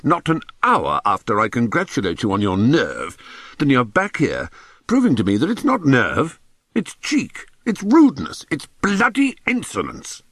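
A man voicing a furious, blustering schoolmaster who yells at a pupil. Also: mid-range voice, wildly swooping pitch, measured pace, no echo, studio quality, voice pushed up, exaggerated voice. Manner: yelling, blustering. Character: furious middle-aged male schoolmaster, explosive temper.

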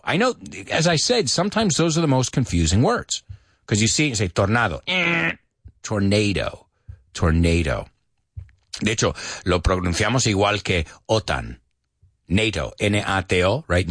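Playful male English teacher, wildly animated. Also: fairly low pitch, dry recording, clean studio sound. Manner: playful, animated teacher who drills words aloud; mixes Spanish into his English. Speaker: host of an English pronunciation show. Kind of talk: live-streamed English lesson.

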